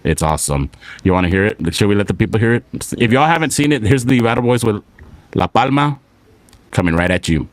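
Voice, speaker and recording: A young man from South Texas with a slight twang, hosting a casual live show and reading out viewer shout-outs. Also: lowish voice, sing-song, brisk, dry recording. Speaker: show host.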